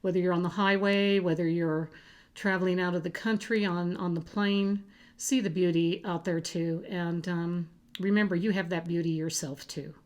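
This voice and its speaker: A woman hosting a cross-stitch vlog, chatting casually to camera in a halting way, with frequent fillers and restarts. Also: on the low side, fairly even intonation.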